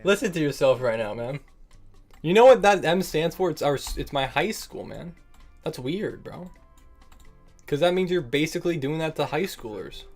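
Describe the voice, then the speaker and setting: Young male streamer, playful banter, slightly high voice, soft music bed. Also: lively intonation, normal speed. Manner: joking, laughs often, calls people bro and man. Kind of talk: casual livestream chat.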